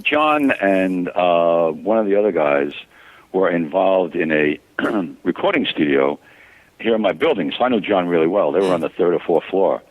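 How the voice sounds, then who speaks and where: An older man who is a photographer, a guest in an interview, recalling shoots in an easygoing, relaxed way full of "you know.". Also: deep voice, moderate pace, poor audio. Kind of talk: casual interview chat.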